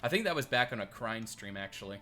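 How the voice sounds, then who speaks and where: A man's voice: lowish voice, lively intonation, fast, pushed and bright, faint music behind. A man streaming live, thinking aloud as he builds and chatting back to his viewers in a rambling, casual way. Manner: rambling, thinks aloud, reads and answers chat.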